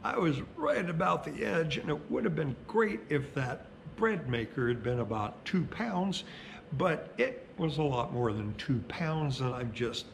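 A middle-aged male pastor who preaches in a conversational, storytelling way and slows down for emphasis. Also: fairly high pitch, lively intonation, gravelly, a little hiss or hum. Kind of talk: sermon.

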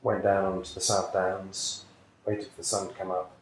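A man's voice: deep voice, completely flat delivery, moderate pace, slight background noise. A British man, a psychic healer, earnestly and emotionally telling a personal story in an interview. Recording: very echoey room, faint ambience.

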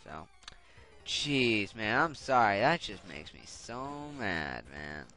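A man's voice: fairly low pitch, big pitch swings, slow, sharp tone. A young man giving casual gameplay commentary, getting frustrated and swearing as he rants. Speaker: Let's Play commentator. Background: game music.

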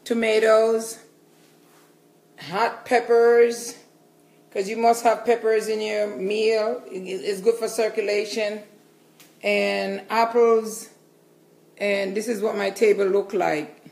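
A woman's voice: medium pitch, flat delivery, a little slow, creaky, a little mellow. A woman vlogger chatting casually and enthusiastically while showing her groceries, repeating herself as she goes. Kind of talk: casual grocery haul vlog.

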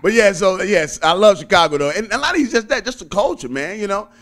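A young comedian with a Southern accent chats easily in an interview. His voice sits a little high for a man, and he jokes and chuckles as he talks. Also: animated, fast, fairly bright tone. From Birmingham, Alabama. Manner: laid-back, jokey, chuckling often. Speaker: stand-up comedian guest. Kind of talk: casual interview chat.

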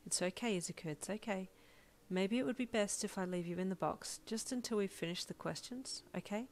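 A woman voicing the listener character, a caring and determined young vet, speaking earnestly and softly. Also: medium pitch, brisk, lightly acted. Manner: earnest and soft-spoken. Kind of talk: second-person listener role.

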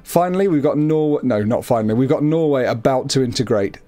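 A man's voice: mid-range voice, expressive, fairly quick, dark tone. A young man casually chatting through a co-op strategy game, chatty and self-amused. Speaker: game commentator. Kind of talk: casual co-op gameplay chat.

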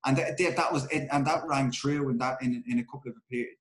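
A man's voice: medium pitch, steady tone, quick pace. Candid Irish man telling football stories. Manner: candid, swears freely, many restarts and fillers. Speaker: guest, former footballer. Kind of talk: casual storytelling interview. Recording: roomy echo.

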